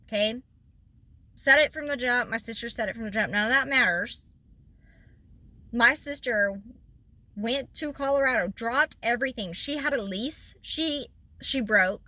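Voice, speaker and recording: Upset bright-voiced woman venting. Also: on the high side, dry recording. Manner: upset, venting, voice near tears. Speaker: vlogger. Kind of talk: casual storytime chat.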